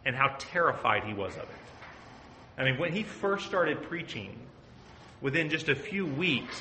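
Earnest man preaching, bright voice. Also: medium pitch, slight background noise. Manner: earnest, asks the group questions. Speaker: pastor teaching a Bible study. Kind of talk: conversational sermon. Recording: echoey room.

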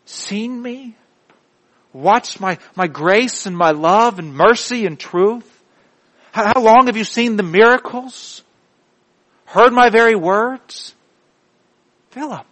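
A man preaching acts out an exasperated teacher who pleads with a slow disciple in raised, incredulous questions. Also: sits high, a bit bright, pitched above the performer's own voice, exaggerated voice.

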